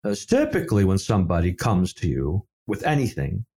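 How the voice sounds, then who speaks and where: A man's voice: low voice, brisk, slightly rough. A middle-aged man, a safety professional, telling stories in a conversational interview and acting out the dialogue he quotes. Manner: animated storyteller, acts out quoted dialogue. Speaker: safety professional and seminar speaker.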